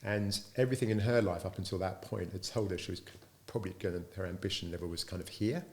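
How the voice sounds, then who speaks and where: A middle-aged business founder with a low voice talks fast over slight background noise. In an interview, he tells lively anecdotes and acts out the quoted dialogue within them.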